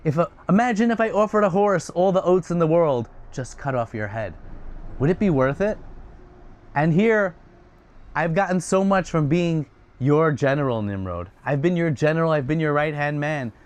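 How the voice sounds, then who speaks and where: A man's voice: fairly high pitch, animated, moderate pace, pitched above the performer's own voice, natural voice. A man voicing a troubled father who serves as a king's general, speaking earnestly and asking searching questions. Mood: bold.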